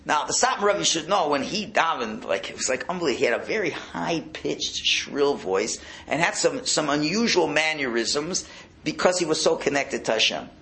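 Lively, bright-voiced rabbi giving a sermon. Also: male voice, a little high, normal speed. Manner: storytelling with rising excitement and acted quotes. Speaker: rabbi giving a Torah class. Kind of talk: sermon-style Torah talk.

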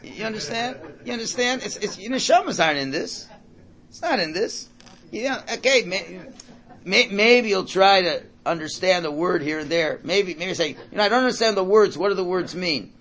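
A man's voice: sits high, animated, normal speed, a bit bright. A man giving an informal Torah class in a conversational way. He repeats words while thinking aloud and mixes in Hebrew and Yiddish terms. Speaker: Torah teacher.

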